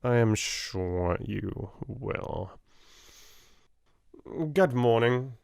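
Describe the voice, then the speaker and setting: A man's voice: fairly low pitch, clean tone, dry recording, natural voice. A man playing a cool, sinister British solicitor. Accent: British English. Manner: unhurried, dry, quietly sinister. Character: shrewd, cool middle-aged male solicitor.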